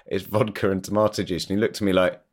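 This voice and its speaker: A man's voice: low voice, little pitch movement, fast talker. A man hosting a podcast, chatting casually with a guest in a dry, wry way and swearing now and then. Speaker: podcast host. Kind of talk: casual interview chat.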